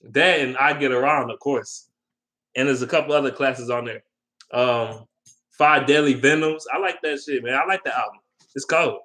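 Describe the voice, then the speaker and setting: A man's voice: medium pitch, moderate pace, sharp tone. A man ranting heatedly and with lots of swearing on his vlog, repeating his points and taking viewer questions. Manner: heated, profane, repetitive ranting. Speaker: vlogger. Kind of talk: casual sports rant.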